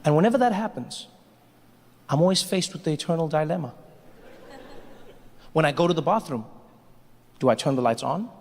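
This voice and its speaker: A man performing a stand-up comedy set on a large stage, telling stories animatedly and jumping into character voices. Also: fairly high pitch. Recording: stage mic with long hall reverb, faint hiss.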